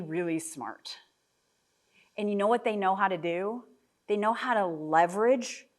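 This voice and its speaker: Candid woman telling a lively story. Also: mid-range voice. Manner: lively, candid, jokey storytelling with asides to the crowd. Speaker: guest speaker. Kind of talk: storytelling talk to an audience. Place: event hall with a live audience.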